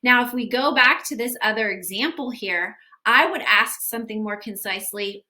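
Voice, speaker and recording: Her fairly high voice sounds pushed and bright, moving at a moderate pace with hardly any pauses. She's a young adult sales coach for gym owners, casually teaching follow-up in an instructional video and performing sample text messages along the way.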